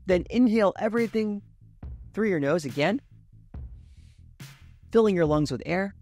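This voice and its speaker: A man giving clear, emphatic coaching tips as a public speaking coach. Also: high voice, expressive, moderate pace, darkish tone, soft background music. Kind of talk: instructional talk to camera.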